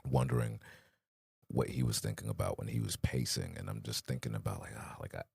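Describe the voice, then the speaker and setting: A man's voice: very deep voice, huge pitch swings, brisk, creaky, darkish tone, breathy edge, dry recording. A man co-hosting a podcast, telling stories in a laid-back, slangy way and acting out the voices of people he quotes. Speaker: podcast co-host. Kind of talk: casual chat.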